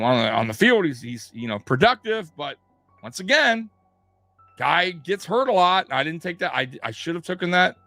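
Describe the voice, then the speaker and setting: A man's voice: high voice, pushed and bright. Rambling, profane man talking sports. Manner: rambling, profane, many restarts and fillers. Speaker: podcast co-host. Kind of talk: casual sports talk.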